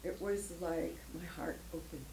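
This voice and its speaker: An older woman with a lowish, vocal-fried voice speaks at a measured pace, giving an emotional personal testimony as a guest speaker in a church hall. She rambles a little and laughs often. The room is echoey, with faint background noise.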